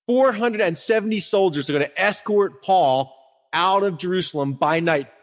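Animated male pastor in a reverberant hall. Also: sits high. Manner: animated storyteller who acts out quotes. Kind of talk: sermon. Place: church sanctuary. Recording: long reverb of a church hall.

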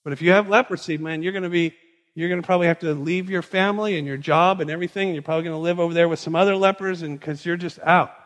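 Male pastor, fairly high voice, chatty animated storytelling, long hall reverb. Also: very fast. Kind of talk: sermon.

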